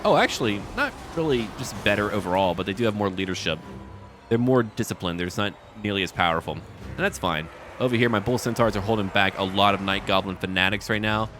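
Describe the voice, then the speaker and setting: A man giving excited live commentary over a strategy game battle, joking and talking to the enemy. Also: on the low side, fairly quick, soft background music. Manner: excitable, talks to enemy units and jokes. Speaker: gaming YouTuber.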